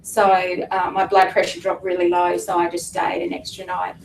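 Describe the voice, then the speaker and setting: A middle-aged woman giving an emotional personal testimony to an audience, halting and fighting back tears. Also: lowish voice, completely flat delivery, creaky, a little hiss or hum. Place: meeting room with an audience. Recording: echoey room from a distance with faint ambience.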